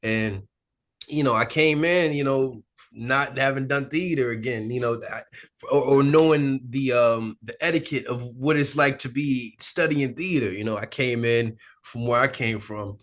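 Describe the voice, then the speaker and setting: Bright-voiced man telling animated stories. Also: medium pitch, normal speed. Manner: animated, acts out quoted voices, laughs often. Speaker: actor, interview guest. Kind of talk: candid conversational storytelling. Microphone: sit-down interview mic.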